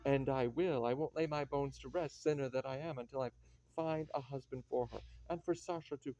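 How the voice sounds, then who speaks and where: A man's voice: medium pitch, steady tone, fairly quick, mellow, no room sound, dull audio, natural voice. A man playing a fussy, doting old grandmother. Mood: determined. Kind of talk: radio play acting.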